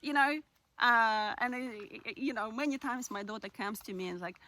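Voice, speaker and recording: A woman talking through personal-growth advice in a candid, reflective way, laughing now and then and sometimes dropping to a soft near-whisper. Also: fairly high pitch, moderate pace. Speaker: self-help speaker. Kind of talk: casual advice monologue.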